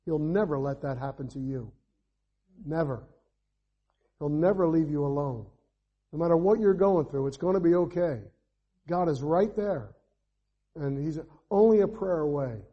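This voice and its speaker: A man preaching an evangelistic sermon, swinging from emphatic calls to quiet asides and asking his congregation rhetorical questions. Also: a little high, normal speed, pauses often, slightly rough, muffled recording. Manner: fervent, rises to emphatic calls then drops to quiet asides.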